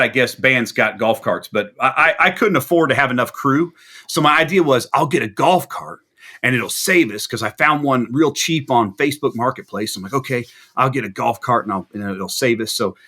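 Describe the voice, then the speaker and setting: A man guest on a video interview, telling a long rambling story and acting out the people in it. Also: medium pitch. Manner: rambling anecdotal storyteller, animated quoting. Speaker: musician guest.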